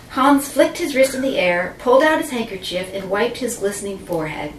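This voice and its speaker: A woman telling a dramatic first-person story, theatrical and swinging between breathless and hushed. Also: on the high side, expressive, fairly quick, hardly any pauses, a little hiss or hum. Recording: roomy, distant mic with faint ambience.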